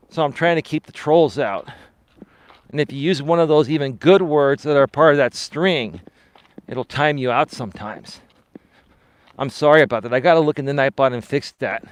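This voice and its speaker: A man's voice: on the high side, clear, resonant tone, no room sound. Chatty man livestreaming on a walk. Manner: talks while walking outdoors, chatty and apologetic to viewers. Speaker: life coach livestreaming. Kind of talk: casual livestream chat, reading viewer comments aloud. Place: outdoors on a walk.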